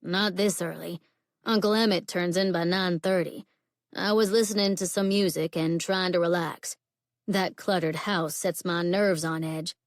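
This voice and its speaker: A man's voice: high-pitched, steady tone, dry recording, clean studio sound. A woman voicing a drawling young cowboy. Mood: easy. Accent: Southern US drawl. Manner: slow, soft drawl. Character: deep-voiced young cowboy, calm and easygoing.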